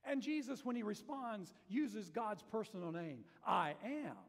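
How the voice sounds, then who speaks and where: High-voiced male pastor in reverberant church. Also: expressive, normal speed, a little mellow. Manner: storytelling, acts out quotes with dramatic emphasis. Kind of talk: sermon. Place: church sanctuary.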